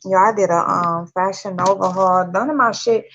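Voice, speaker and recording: A woman's voice: mid-range voice, normal speed, a little hiss or hum. Chatty swearing woman, dull lo-fi sound. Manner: loud and expressive, laughs a lot, swears casually. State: yawning, tired. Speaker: vlogger. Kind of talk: casual chat to viewers.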